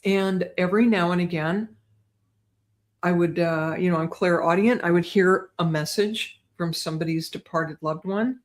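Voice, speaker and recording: An older woman, a guest on an interview show, chatting in a lively way and often checking in with "right?". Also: fairly low pitch, normal speed. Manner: chatty, animated, tags lines with "right?". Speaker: guest psychic medium. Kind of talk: casual storytelling interview.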